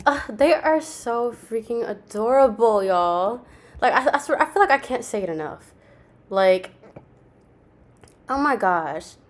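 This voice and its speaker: A woman's voice: fairly high pitch, expressive, measured pace, pauses often. A woman hosting a reaction video, talking casually and emphatically to her viewers, repeating her points. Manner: emphatic, repeats herself, talks to viewers as y'all.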